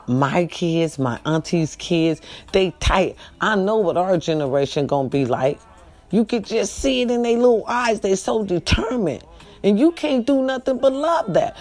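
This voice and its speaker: A woman's voice: deep voice, a little mellow. A middle-aged woman, talking to her viewers in a casual, heartfelt monologue, preachy and repetitive, often asking them directly if they understand. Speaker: vlogger.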